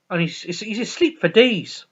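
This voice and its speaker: Slow, lively-voiced man vlogging. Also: high-pitched, breathy edge. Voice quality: rambling, many restarts and laughs. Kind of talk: casual chat about a sitcom. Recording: dull lo-fi recording.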